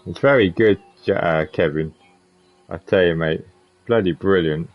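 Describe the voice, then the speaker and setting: A man's voice: low-pitched, unhurried, lo-fi sound, soft background music. A man, a streamer chatting casually and repeating himself while he plays. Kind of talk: casual chat while gaming.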